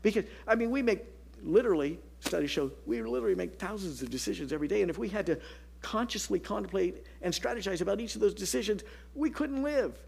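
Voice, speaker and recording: A man's voice: high voice, lively intonation, fast, creaky, darkish tone, a little hiss or hum. A man preaching a sermon as pastor, telling stories and dropping to a whisper for emphasis. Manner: storytelling, dynamic, drops to a whisper for emphasis.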